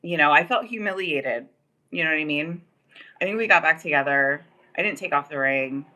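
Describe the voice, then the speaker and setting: A woman's voice: deep voice, animated, normal speed, pushed and bright. A woman hosting a casual livestream, telling a long personal story in a rambling way, full of "like" and "um". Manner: rambling, filler-heavy, many "like" and "um". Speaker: livestream host. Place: Los Angeles area.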